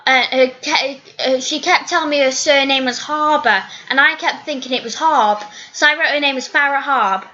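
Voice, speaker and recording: Giggly high bright woman. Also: moderate pace, few pauses, slight background noise. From northeast Wales. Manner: giggly, chatty storyteller. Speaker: YouTuber. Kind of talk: casual Q&A chat. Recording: dull lo-fi recording.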